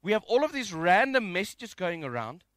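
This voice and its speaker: A man with a high, bright voice preaches a relaxed, jokey sermon, reading scripture aloud between asides. The sound is dry and close, with no room around it. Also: normal speed, dry recording. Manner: conversational, jokey and animated. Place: home, during isolation.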